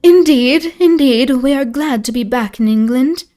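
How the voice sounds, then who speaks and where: A woman voicing an older aristocratic French countess with a French accent and a high, breathy-sounding genteel delivery. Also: measured pace, dark tone. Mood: grateful.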